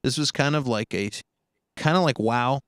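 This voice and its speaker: A man's voice: mid-range voice, normal speed, fairly bright tone, dry recording, studio quality. A man who works as a voice actor, chatting casually and telling stories with lots of restarts. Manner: rambling storyteller, many restarts, slips into voices. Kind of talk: casual chat.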